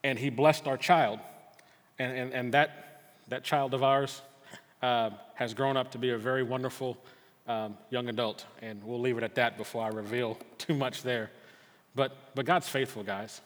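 Earnest middle-aged pastor in reverberant church. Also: male voice, mid-range voice, fairly even intonation, normal speed. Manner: earnest storytelling, frequent stammered restarts. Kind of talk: sermon with personal story. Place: church sanctuary. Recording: long hall reverb.

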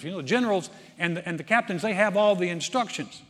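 A man preaching a sermon, telling a story with acted-out voices and swinging from loud to hushed. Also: high-pitched, animated, fast talker. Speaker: pastor. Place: large church sanctuary. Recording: long hall reverb.

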